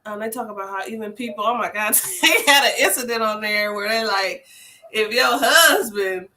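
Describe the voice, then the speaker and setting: A young adult woman hosting a casual live chat, telling stories in an animated, slangy way with lots of fillers. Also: mid-range voice, normal speed, low-quality recording. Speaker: host, family home child care provider.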